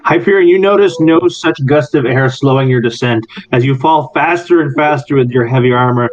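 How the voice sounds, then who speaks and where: A man's voice: medium pitch, brisk. A man narrating a tabletop game as game master, laughing often as he goes. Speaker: dungeon master. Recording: dull lo-fi mic with faint music.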